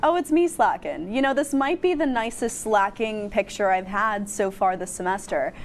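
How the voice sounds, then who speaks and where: A young woman co-hosting a student TV entertainment show, bubbly and chatty, quick to laugh. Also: mid-range voice, slight background noise. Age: young adult. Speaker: student co-host. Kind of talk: casual co-hosted entertainment segment. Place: campus TV studio.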